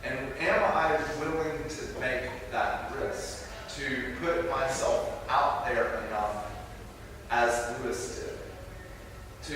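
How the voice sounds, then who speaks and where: Slow preacher echoing in a hall. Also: male voice, medium pitch, a bit bright, a little hiss or hum. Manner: thoughtful, with fillers and restarts. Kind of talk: reflective church talk. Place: large church hall. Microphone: distant room mic. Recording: echoey hall from far off.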